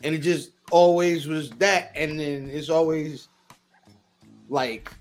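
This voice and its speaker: A man's voice: a little high, fairly even intonation, takes it slowly, faint music behind. A man co-hosting a podcast in casual, slangy chat, laughing often and slipping into mimicked voices. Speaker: podcast co-host.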